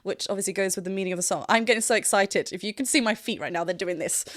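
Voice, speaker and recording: A woman vocal coach giving excited reaction commentary, laughing often and singing snippets to show what she hears. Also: mid-range voice, fast. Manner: animated, laughs often, sings snippets to demonstrate.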